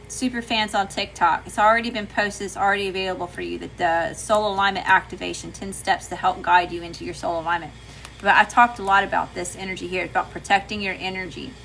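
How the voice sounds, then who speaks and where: A woman's voice: medium pitch, gravelly, bright, forceful tone, slight background noise, low-quality recording. A chatty woman with a Southern US accent, doing a casual livestream tarot reading and greeting her chat. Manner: chatty, folksy, says y'all often.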